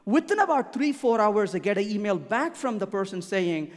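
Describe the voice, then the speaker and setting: A conference speaker delivers a keynote in a large lecture hall, and a long reverb hangs after each phrase. The voice sits at a middle pitch but swings widely in melody. Key points are stressed and then repeated for emphasis. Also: very animated, moderate pace.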